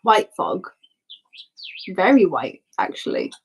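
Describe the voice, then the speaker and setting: A woman's voice: mid-range voice, big pitch swings, slow, husky, low-quality recording. A woman running a tabletop game as game master, narrating in a rambling way with many fillers.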